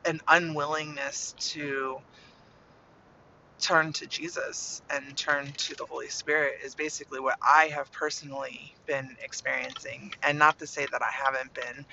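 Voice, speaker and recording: A woman's voice: low voice, creaky, sharp tone, a little hiss or hum. A woman sharing her faith in an earnest, casual way, with many "like"s, on a dull lo-fi recording. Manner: earnest, chatty, heavy use of "like".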